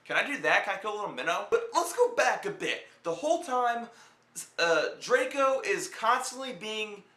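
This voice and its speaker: Young male vlogger, high bright voice, rambling profane jokey review, roomy echo. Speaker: film reviewer. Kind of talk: casual film review.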